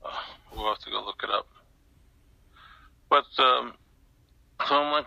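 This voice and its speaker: A man's voice: mid-range voice, a little slow, gravelly, pushed and bright, no room sound, low-quality recording. An older man being interviewed, telling a long story in a rambling way with many restarts and fillers. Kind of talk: recounting an anecdote in an interview.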